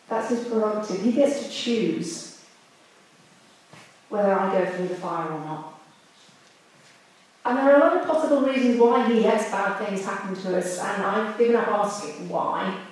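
A woman's voice: mid-range voice, darkish tone. A woman preaching a sermon in a candid, conversational way. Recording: echoey room, distant mic.

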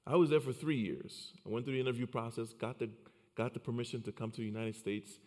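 A man's voice: mid-range voice, fairly even intonation, fast, a little mellow. A man in his forties from Liberia telling his personal story in an earnest way, often repeating words as he starts a thought. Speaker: speaker. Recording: long hall reverb.

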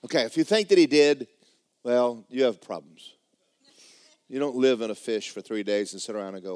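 A man's voice: medium pitch, fairly quick, darkish tone, clean tone. A man preaching a sermon in a church, telling stories in a folksy way and reading scripture aloud with rising drama. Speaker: pastor.

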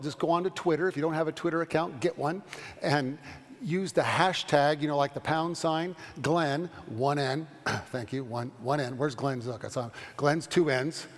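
Fast-talking man teaching in a reverberant hall. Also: on the high side. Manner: fast-talking, animated, stumbles and restarts. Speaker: pastor teaching a Bible study. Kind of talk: Bible study lecture with questions.

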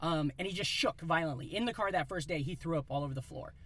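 A man in his thirties from Iowa, telling a rambling, animated story in a casual chat. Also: fairly high pitch, quick pace. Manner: animated, rambling, acts out voices in quotes.

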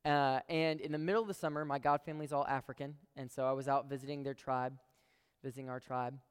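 A man's voice: medium pitch, steady tone, quick pace, clean tone. A young man preaching a sermon, telling a story and talking earnestly to the crowd. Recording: long hall reverb.

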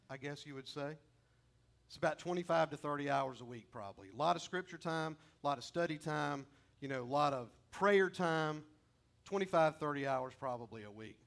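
Male pastor, middle-aged, sermon delivery with loud emphatic bursts and hushed drops, slightly higher voice. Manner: rising to loud emphatic peaks, then dropping low and quiet.

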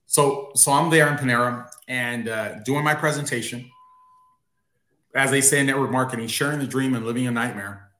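A man's voice: mid-range voice, moderate pace, bright, forceful tone. A man, a guest on a talk show, earnestly telling a personal story. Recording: roomy echo on his voice.

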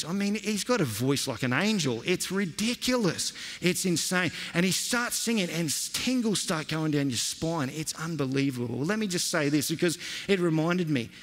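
A man preaching a sermon, telling stories in a lively, conversational way. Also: fairly high pitch. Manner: storytelling, animated and conversational. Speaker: pastor. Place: church hall. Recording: long reverb of a church hall.

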